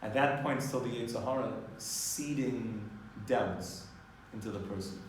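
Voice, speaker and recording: A man teaching a Torah class, explaining in a lively way and mixing in Hebrew terms. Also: mid-range voice, measured pace, slight background noise. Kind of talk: informal class lecture. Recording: echoey room, distant mic, faint ambience.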